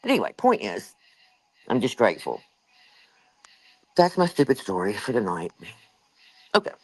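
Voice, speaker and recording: Speaking in a very deep, slightly rough, sing-song voice at a moderate pace, an older livestream host spins a chatty, wandering story for her live chat. She uses lots of fillers and is a little winded; the poor-quality audio has no room sound.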